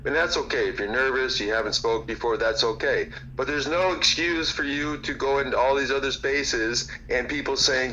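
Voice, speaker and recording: A man's voice: medium pitch, moderate pace, few pauses, a little hiss or hum, rough recording. A man in casual online chat who talks in a blunt, rambling way and swears freely. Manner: rambling, blunt, profane, animated.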